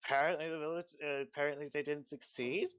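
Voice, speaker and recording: A man's voice: fairly high pitch, steady tone, quick pace, a bit bright, clear, resonant tone, dry recording. A man narrating as game master of a tabletop game, casual and full of fillers.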